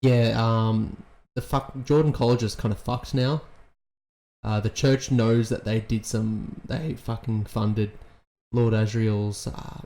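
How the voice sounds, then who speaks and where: A man giving casual, excitable reaction commentary on a TV episode, swearing often as he talks. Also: lowish voice, measured pace.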